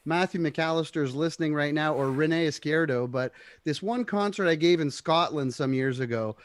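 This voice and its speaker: A man's voice: fairly high pitch, normal speed, no echo. A man, a guitarist, talking casually and with animation on a remote livestream chat, laughing often. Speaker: guitarist guest.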